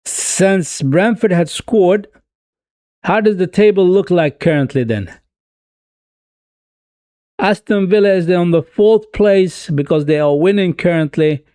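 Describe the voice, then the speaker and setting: A man with a Swedish accent streaming a live football watch-along, excitedly cheering on his team and chatting casually with viewers. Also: high-pitched, slow, pauses often, smooth, dry recording, studio quality. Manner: self-mocking, casual asides to viewers.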